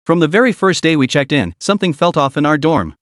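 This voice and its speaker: A man's voice: a little high, big pitch swings, fast, fairly bright tone, dry recording, studio quality. A man voicing a timid, scheming young female student in a story recap, hesitant and trembling.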